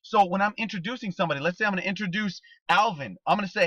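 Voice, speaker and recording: A man's voice: high voice, rapid-fire, pushed and bright, dry recording. A man giving a motivational training talk, coaching his listeners emphatically with rhetorical questions and a repeated "guys" and "okay?". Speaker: network marketing trainer. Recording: dull, dry recording.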